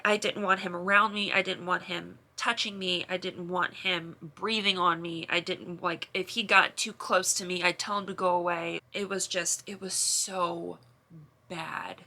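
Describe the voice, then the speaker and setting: Bright-voiced young woman confessing to camera. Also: fairly low pitch, steady tone, unhurried. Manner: emotional, rambling with many restarts and fillers. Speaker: vlogger.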